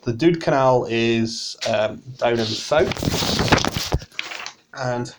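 A man's voice: mid-range voice, slow. A man running a tabletop game as game master, talking in a dry, wry, matter-of-fact way.

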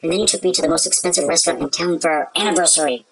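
A woman's voice: lowish voice, rapid-fire, a loud crowd, natural voice, poor audio. A woman playing a concerned wife in a scripted comedy sketch, earnestly explaining herself to her husband. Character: devoted, puzzled wife in a skit.

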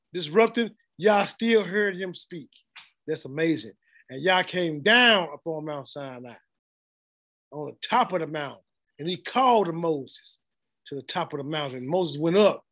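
A man's voice: high-pitched, fairly bright tone. A middle-aged man preaching a blunt, informal sermon and laughing often as he speaks. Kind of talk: street sermon.

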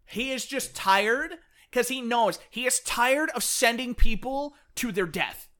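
A man co-hosting a casual podcast chat, animated, often acting out characters' lines. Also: extremely high pitch. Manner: animated, fast-talking enthusiast who acts out characters' lines. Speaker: podcast co-host. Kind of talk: casual chat about books.

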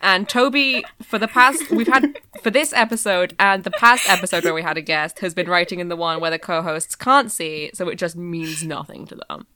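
A woman's voice: fairly low pitch, normal speed, hardly any pauses, pushed and bright, no room sound, clean studio sound. A woman co-hosting a podcast, bantering playfully and bossing the guest around. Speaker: podcast host. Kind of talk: casual chat.

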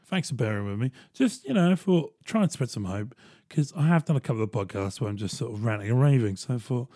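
A man hosting a podcast, telling a story in a chatty, animated way and jumping into quick voiced asides. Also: medium pitch, no echo, studio quality. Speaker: podcast host. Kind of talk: casual storytelling monologue.

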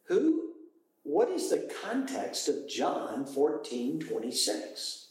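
A British man leads a small Bible study, explaining with animated bursts and exclamations. His voice sits on the high side for a man. The recording is poor and very echoey. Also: slow. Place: room with a small study group.

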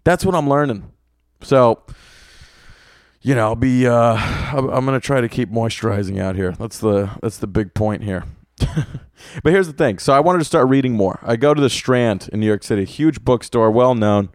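A young man hosting a podcast by himself delivers a rambling comedy story full of swearing, lively and profane throughout. His voice is medium-pitched, clean in tone and at a moderate pace, captured close and dry in a room with an air conditioner.

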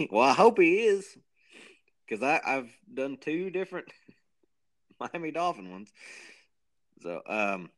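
A man's voice: mid-range voice, very animated, slow pace, long pauses. A man co-hosting a podcast, rambling and joking in a self-mocking way. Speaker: podcast co-host. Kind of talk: casual chat.

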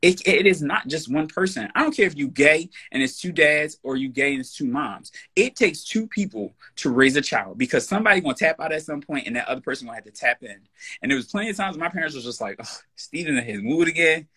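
A man with a husky, slightly breathy voice and a pushy, forceful edge, sitting somewhat high for a man. He is a podcast guest in a casual conversation, talking emphatically and bluntly, with plenty of swearing. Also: lively intonation, quick pace. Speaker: personal trainer.

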